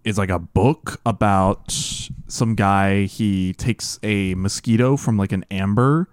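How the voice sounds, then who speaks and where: A man's voice: lowish voice, fairly even intonation, takes it slowly, clear, resonant tone, no echo. Young male co-host, jokey riffer, dry and close. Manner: jokey, prone to pop-culture riffs. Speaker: podcast co-host. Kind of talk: casual chat among friends.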